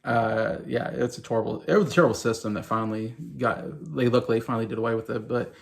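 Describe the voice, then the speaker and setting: A man's voice: mid-range voice, fairly even intonation, fast talker, gravelly. A man in his late thirties chatting casually in a rambling way, with many fillers and restarts, as a movie vlogger. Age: late 30s. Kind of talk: casual chat.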